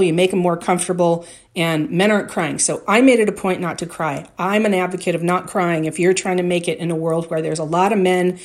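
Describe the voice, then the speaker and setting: A woman giving career advice to women in a direct, conversational way, with anecdotes and tips. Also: lowish voice. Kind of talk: motivational advice talk.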